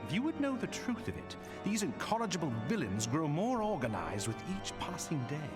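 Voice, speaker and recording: A man's voice: on the high side, sing-song, normal speed, music in the background. An actor playing a courteous male knight lord, speaking formally and graciously.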